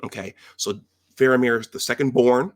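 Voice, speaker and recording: A man's voice: medium pitch, steady tone, normal speed. A man casually retelling film scenes as a commentator, in a conversational way that often restarts and checks in with the listener.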